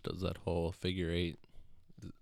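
A man co-hosting a podcast, cracking blunt, crude jokes in a deadpan way. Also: low-pitched, moderate pace, creaky, noisy background. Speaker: podcast co-host. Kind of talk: casual chat.

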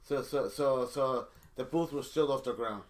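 A man's voice: medium pitch, normal speed. A middle-aged man telling a long story in casual chat, rambling with many restarts. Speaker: storyteller guest.

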